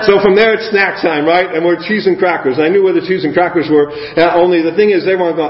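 A man preaching a sermon, telling a lively story and acting out children's voices. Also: sits high, quick pace, few pauses. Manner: animated storyteller, acts out kids' voices. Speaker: guest preacher. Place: church sanctuary. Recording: echoey hall, slightly dull sound.

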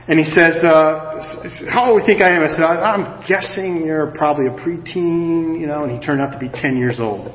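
A man in his sixties preaching a sermon, telling a personal story in an animated, self-mocking way. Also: a little high, a little hiss or hum. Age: 60s. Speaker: pastor. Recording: roomy hall, dull lo-fi sound.

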